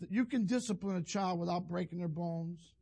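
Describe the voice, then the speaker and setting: Older preacher guy, kinda high and husky, rambles and cuts himself off. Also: moderate pace, dark tone. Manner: rambling, folksy, self-interrupting. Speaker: pastor. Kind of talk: sermon with personal story.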